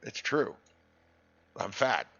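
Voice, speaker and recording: A man's voice: medium pitch, expressive, slow, creaky, sharp tone, husky, highs cut off. Blunt, crude man streaming a game. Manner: blunt and crude, rambling with many restarts. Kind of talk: casual live-stream gaming chat.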